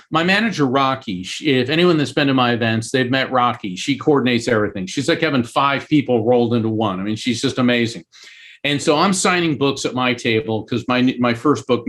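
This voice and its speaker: A middle-aged man from Central Florida tells a story in a loose, conversational way, with a voice of ordinary middle pitch. He gets animated and climbs high in pitch when acting out the shouted parts. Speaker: author and medium. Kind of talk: casual spoken storytelling.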